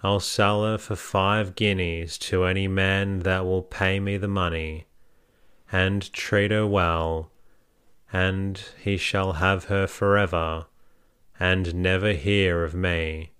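A man voicing a blunt, bullying drunken hay trusser in a storybook reading, low and unhurried. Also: flat delivery, fairly bright tone, clear, resonant tone. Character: gruff drunken male hay trusser selling his wife.

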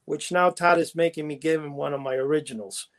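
A man with a notably high speaking voice tells stories in a loose, rambling way. He restarts his sentences and laughs at his own stories while co-hosting a casual chat. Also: fairly even intonation, fairly quick, fairly bright tone. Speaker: podcast co-host.

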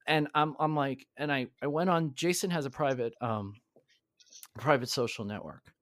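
A man's voice: medium pitch, no echo. A man speaks candidly and earnestly, his sentences breaking off and starting again. The sound is dry and close, with no room around it. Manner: earnest, halting with restarts. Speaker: podcast guest. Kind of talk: candid conversational storytelling.

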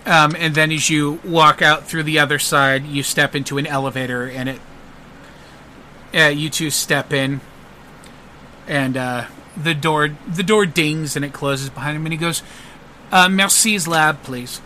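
A man narrating a tabletop role-playing game as game master, halting and full of fillers. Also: on the high side, fairly even intonation, bright, forceful tone, slight background noise. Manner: halting, with many fillers and restarts.

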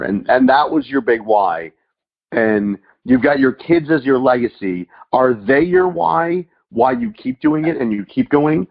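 A man's voice: medium pitch, creaky, highs cut off. A man hosting a podcast interview, asking enthusiastic, rambling questions. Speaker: podcast host.

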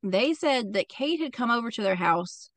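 A woman's voice: fairly high pitch, animated, normal speed, no room sound. Young female podcast host, casual true-crime storyteller, swears freely, dry close-up sound. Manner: chatty and profane, with frequent "like" fillers.

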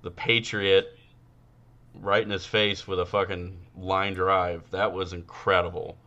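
A man's voice: deep voice, flat delivery, measured pace, pushed and bright, dull audio. A man co-hosting a podcast, chatting crudely and rambling with many fillers. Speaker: podcast co-host. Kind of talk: casual comedic chat.

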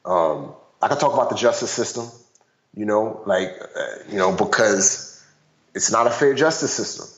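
A man, a guest and author, telling personal stories in an animated casual way, full of "you know" fillers. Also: lowish voice, normal speed. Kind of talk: casual storytelling conversation. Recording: dull roomy sound.

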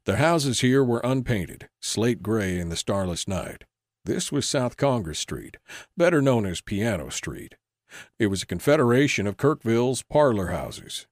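A man giving measured scripted narration of an old-west audiobook. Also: medium pitch, big pitch swings, no echo. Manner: measured storytelling. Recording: dry close recording.

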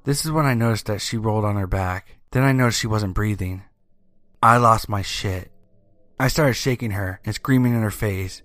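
A man narrating a first-person horror story in a steady, even storytelling manner. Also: lowish voice, moderate pace, dry recording, studio quality. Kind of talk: scripted narration. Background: faint music.

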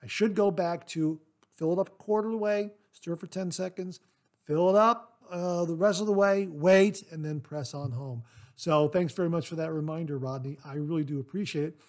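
A man's voice: fairly high pitch, normal speed, darkish tone. A man hosting a casual solo podcast, reading listener mail in a chatty, rambling way with lots of "uh" fillers and enthusiastic thanks. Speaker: podcast host.

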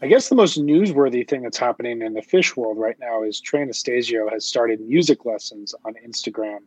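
A man's voice: mid-range voice, animated, a little fast, husky, no room sound, poor audio. A man hosting a podcast, chatting casually in a rambling way with many restarts and fillers. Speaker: podcast host. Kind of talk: casual chat.

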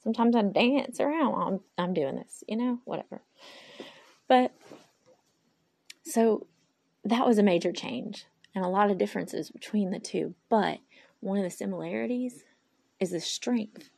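A woman with a gravelly, slightly husky voice speaks candidly into her phone for her own podcast. She rambles in an unscripted monologue and keeps talking to herself aloud. She brings her faith in God into the talk. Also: medium pitch, moderate pace, long pauses, darkish tone, no echo. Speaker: podcast host.

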